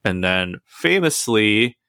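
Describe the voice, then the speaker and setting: Bright rambling low-voiced male podcaster. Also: clear, resonant tone, no room sound, studio quality. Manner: rambling, animated storyteller with quick asides and restarts. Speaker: podcast co-host. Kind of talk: casual podcast chat about movies.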